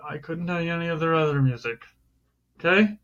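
A man's voice: on the high side, a little fast, fairly bright tone. A man grumbles through his weekly complaints with theatrical, mock-angry emphasis. The sound is dull and lo-fi. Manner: exaggerated mock outrage. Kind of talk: casual complaint chat.

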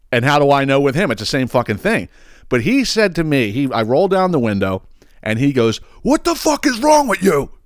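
A man hosting a podcast, telling a story in a heated, profane, animated way with lots of restarts. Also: mid-range voice, no echo, studio quality. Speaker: podcast host. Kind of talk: casual storytelling monologue.

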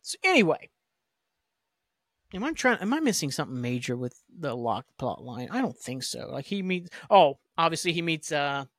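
A man rambles through a TV episode recap on his podcast, swearing freely and acting out quoted lines. His voice sits a bit high for a man. The recording is dry, with no room sound. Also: moderate pace, no echo. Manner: rambling, profane, animated retelling with quoted lines. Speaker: podcast host. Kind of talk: casual solo rewatch recap.

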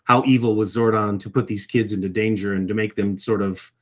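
A man's voice: on the low side, fairly even intonation, brisk. A middle-aged man, a voice actor, giving reflective interview answers and often repeating words as he starts a thought. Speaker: voice actor guest.

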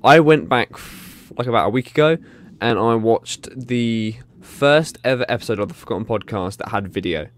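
A man's voice: medium pitch, moderate pace, a little hiss or hum. A man co-hosting a podcast, musing casually and stopping to restart his thoughts. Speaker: podcast co-host. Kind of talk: casual chat.

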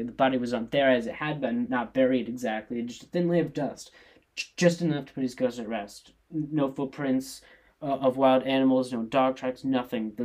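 A man's voice: mid-range voice, a little mellow, close to an everyday voice. A man reading the part of a nervous guard in a play, stammering and hesitant as he speaks.

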